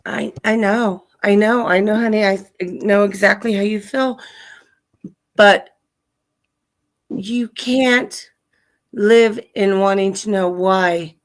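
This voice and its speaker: Speaking slowly in a mid-range voice with fairly even intonation and long pauses, a woman hosts a live stream. She earnestly and tenderly consoles a grieving widowed caller, calling her sweetheart and honey.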